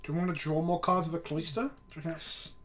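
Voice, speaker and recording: A streamer chatting casually while playing an online card game, swearing often and breaking into loud laughter. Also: medium pitch, fast talker, a crowd in the background. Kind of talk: casual live-stream chat.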